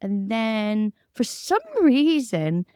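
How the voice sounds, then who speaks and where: A woman's voice: medium pitch, big pitch swings, very slow, mellow, clean tone, no echo, clean studio sound. A woman with a mixed Irish and British accent, a security manager chatting candidly as a podcast guest. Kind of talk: casual interview chat.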